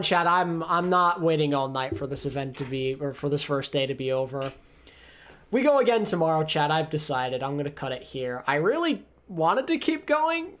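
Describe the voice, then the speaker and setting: A man's voice: fairly high pitch, a bit bright. A man hosting a casual live co-stream, talking to chat in a weary, wry way. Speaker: co-stream host.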